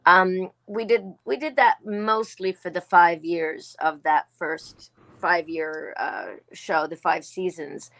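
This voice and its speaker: A woman's voice: on the low side, steady tone, slow, gravelly, fairly bright tone. A woman in her sixties, originally from Australia, talking as a guest actor in a casual interview and telling chatty stories full of quoted asides.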